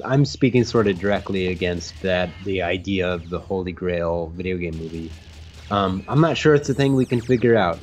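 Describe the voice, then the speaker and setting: A man's voice: lowish voice, a little hiss or hum. A man co-hosting a casual gaming show, teasing his co-host and reading out viewer questions. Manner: animated, teasing. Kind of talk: casual podcast chat while playing games.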